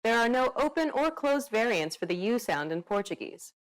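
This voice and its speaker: In clear, scripted lesson narration, a woman explains pronunciation at a moderate pace. Her voice sits slightly high, with intonation that rises and falls in a lively way.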